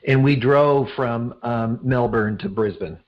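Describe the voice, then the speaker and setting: A man's voice: medium pitch, unhurried, lo-fi sound. A middle-aged man hosting an interview, joking dryly and rambling off into digressions. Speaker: podcast host. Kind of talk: casual interview conversation.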